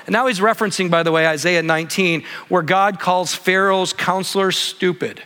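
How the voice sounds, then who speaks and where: Bright-voiced man preaching in a hall. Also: high voice, brisk, few pauses. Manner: conversational, builds to animated emphasis. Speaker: pastor. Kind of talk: expository sermon.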